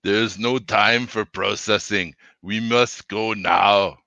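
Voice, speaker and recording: A stoic, determined male protector from the future, played by a man at a tabletop game. He speaks in clipped, commanding lines with a clumsy put-on accent, deep and slow. The voice is bright and dry on a dull, lo-fi mic. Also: steady tone, gravelly, no room sound, exaggerated voice. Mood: urgent.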